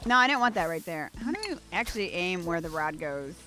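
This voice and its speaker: Bright-voiced playful woman streamer. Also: lowish voice, expressive, fairly quick. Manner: playful, giggly, talks to the game characters. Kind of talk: casual gameplay commentary. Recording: faint background music.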